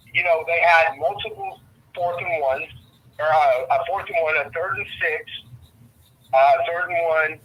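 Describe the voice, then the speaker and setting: Middle-aged guy breaking down a football game, very bright husky voice, kinda tinny phone sound. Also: high-pitched. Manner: opinionated, repeats words while thinking. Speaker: guest sports commentator. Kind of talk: casual sports talk.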